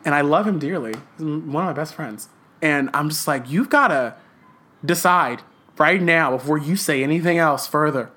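A man co-hosting a podcast in casual chat, ranting with passion and swearing a lot, a little rough around the edges. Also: a little high, normal speed, pushed and bright. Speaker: podcast co-host.

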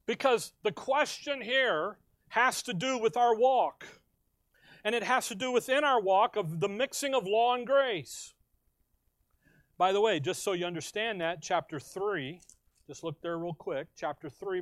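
A middle-aged man preaching a verse-by-verse sermon, swinging between loud emphasis and quiet asides. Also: high-pitched, no echo.

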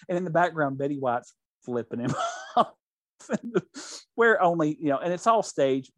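A man's voice: a little high, no room sound. A man hosting a show in casual chat, retelling anecdotes in a rambling way with lots of restarts.

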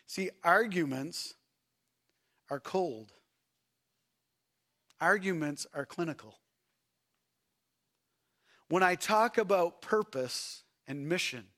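A high-voiced male pastor delivers a sermon that rises to loud, shouted passages and drops to hushed, gentle lines. Along the way he poses rhetorical questions to the congregation.

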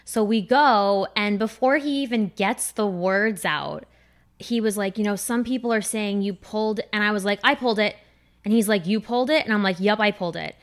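Animated woman telling a comic story. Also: medium pitch, moderate pace. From New Jersey. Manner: animated, acts out quoted voices. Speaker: comedian guest. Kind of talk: casual podcast storytelling.

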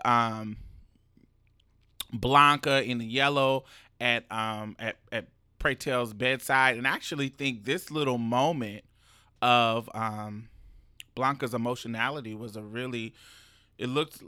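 A man casually recapping an episode he acted in, profane and animated, laughing often. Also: mid-range voice, no echo, clean studio sound. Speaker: actor recapping his own show.

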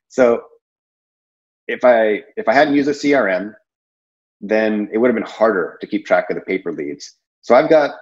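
A lowish male voice comes through with the highs cut off. The speaker, an insurance sales presenter, delivers a loose, conversational sales training talk, stumbling through fillers and restarts.

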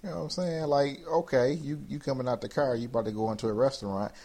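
A man's voice: medium pitch, steady tone, fast talker, dark tone. A man co-hosting a podcast, telling rambling, playful stories in casual banter. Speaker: podcast co-host.

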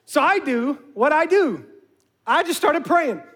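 Man with a very high voice, an animated storyteller who keeps checking in with the audience. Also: a little slow. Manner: lively, addresses listeners directly.

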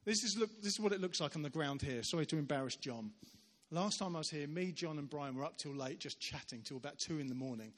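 A man giving a sermon as a visiting preacher, telling stories in an animated way and acting out the voices of the people in them. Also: on the high side, fast, few pauses. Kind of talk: sermon storytelling. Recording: long reverb of a large church hall.

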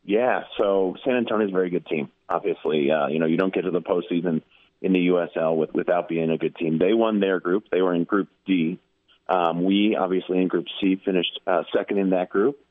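A man's voice: deep voice, fairly quick, no echo. A man calling in as a soccer club guest, upbeat and hyped while explaining the match ahead. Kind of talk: phone-in interview. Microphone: phone. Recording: narrow phone line.

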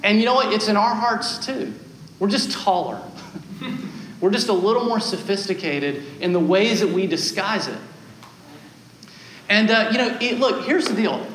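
A man in his thirties preaching a sermon as a guest pastor, telling stories with animated, self-deprecating humor. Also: sits high, a little slow, pauses often, roomy sound, slight background noise, poor audio.

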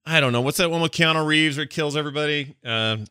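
Man, middle-aged, casual podcast chat, rambling, bright tense tone, dry sound. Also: fairly high pitch, fast, clean tone, dry recording. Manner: rambling, restarts, laughs a lot. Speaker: podcast co-host.

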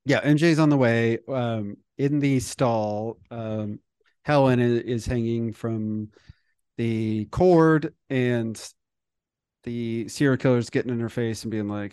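A man in a podcast chat, retelling a film scene by scene with plenty of "um" and "like" and quick acted-out lines. His voice sits at an ordinary middle pitch. The sound is dry and close, with no room around it. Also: a little mellow, clean tone, no room sound. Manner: rambling, filler-heavy retelling with acted-out quotes. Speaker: podcast co-host. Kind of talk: casual movie recap chat.

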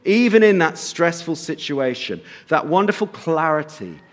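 A man giving a sermon and telling a personal story, slowing to soft emphasis at times and lifting his voice at others. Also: fairly high pitch, very animated. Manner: storytelling, shifts between soft slow emphasis and raised bursts. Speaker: pastor.

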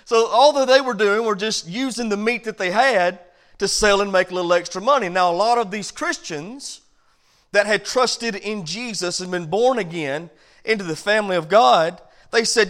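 A pastor teaches a Bible study in a church, talking with his listeners as much as preaching to them. His voice sits high for a man, and he swings from loud, pressing stretches down to hushed asides. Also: moderate pace. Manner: conversational preaching with big swings in loudness.

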